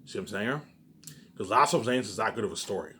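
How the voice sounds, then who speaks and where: A man's voice: lowish voice, expressive, fast talker, bright, forceful tone, a little hiss or hum. A man rambling to his camera, boastful and repetitive, swearing freely. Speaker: vlogger. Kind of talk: casual rambling monologue to camera. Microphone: camera mic.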